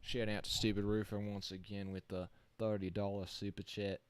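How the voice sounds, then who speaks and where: A man giving casual, excitable live-stream race commentary from a home computer setup, reacting on the fly and chatting to his viewers. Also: on the low side, moderate pace, slight background noise.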